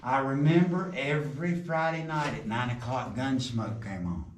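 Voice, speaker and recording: A man's voice: medium pitch, normal speed. A middle-aged man, leading a coal mine tour, who jokes with the group and tells folksy stories. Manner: folksy joking storyteller, quizzes the group. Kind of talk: guided tour talk to a group. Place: underground mine tunnel. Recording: echoey underground, voice from a distance, some noise.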